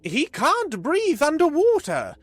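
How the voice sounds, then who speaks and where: A man voicing an anxious, officious male alien envoy who speaks in a high, strained voice. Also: wildly swooping pitch, measured pace, exaggerated voice. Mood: alarmed.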